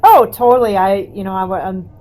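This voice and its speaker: A woman's voice: mid-range voice, brisk, mellow, soft background music, low-quality recording. A woman chatting casually as a guest, rambling through her stories and laughing often. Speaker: guest, house owner. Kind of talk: casual chat.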